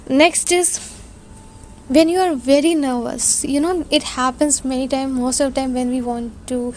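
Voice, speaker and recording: A woman's voice: high voice, steady tone, unhurried, slight background noise. A woman teaching English vocabulary in an online lesson, explaining patiently with many fillers and restarts.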